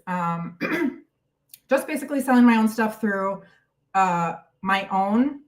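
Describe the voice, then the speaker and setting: A woman's voice: medium pitch, recorded from a distance. A woman hosting a casual live stream Q&A from home, chatty and bubbly as she greets viewers by name, a little out of breath. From United States. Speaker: YouTube host.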